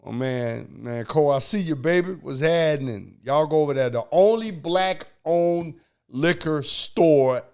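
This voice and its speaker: A man hosting a podcast in casual chat, playful and teasing, breaking in with loud shout-outs. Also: fairly high pitch, measured pace, clean tone. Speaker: podcast host.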